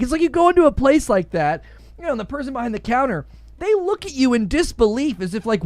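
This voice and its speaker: A man's voice: extremely high pitch, very animated, moderate pace, a little mellow, dry recording, soft background music. A man streaming live, chatting with viewers and laughing often as he acts out mock dialogue. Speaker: gaming streamer.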